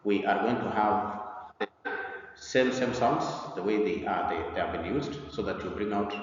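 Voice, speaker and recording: A man teaching an English pronunciation lesson, explaining deliberately and repeating himself, with frequent hesitant pauses. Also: fairly low pitch, steady tone, a little hiss or hum. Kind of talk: slide-based pronunciation lesson. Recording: echoey room, far from the mic, dull sound.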